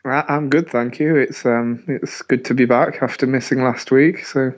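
A man's voice: medium pitch, steady tone, normal speed. A man from near Manchester co-hosting a casual podcast, laid-back and a bit hesitant. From Manchester area, England. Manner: laid-back, hesitant, stumbles over words. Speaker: podcast co-host. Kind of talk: casual chat. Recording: slightly dull audio.

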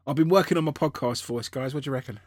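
A man's voice: medium pitch, very fast, a little hiss or hum. A man with a London accent hosting a casual podcast chat, jokey and playful with voices. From England. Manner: jokey, breaks into put-on posh and cockney voices. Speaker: podcast host.

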